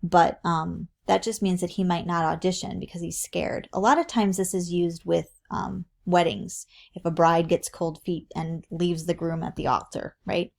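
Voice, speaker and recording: Woman, middle-aged, somewhat low voice, patient classroom explaining, checks in often. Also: steady tone, moderate pace, creaky, few pauses, a little mellow. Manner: explanatory, repeatedly checks in with "right?". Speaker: teacher. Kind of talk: recorded lesson explanation.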